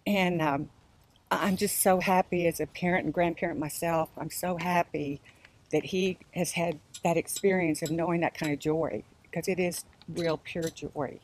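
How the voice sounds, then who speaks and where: A woman's voice: lowish voice, steady tone, moderate pace, a little mellow, a little hiss or hum. An older woman giving a chatty eulogy in a church, laughing as she shares stories. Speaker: family member giving a eulogy. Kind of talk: memorial speech.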